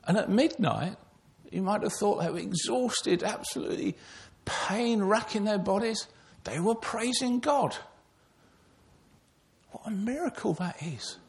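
An older man preaches with earnest conviction, weaving personal stories into his sermon and speaking straight to the children. His voice sits fairly high and carries a gravelly rasp. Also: animated, a little slow.

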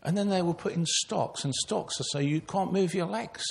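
A man's voice: sits high, normal speed, vocal fry. An older man preaching an earnest sermon, telling stories and speaking directly to children.

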